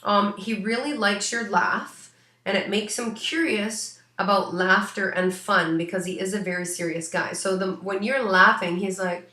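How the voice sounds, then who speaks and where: A woman's voice: medium pitch, normal speed, sharp tone. Chatty woman in an echoey room. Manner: rambling, many fillers, chatty. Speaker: animal psychic. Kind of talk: casual spoken reading for a client.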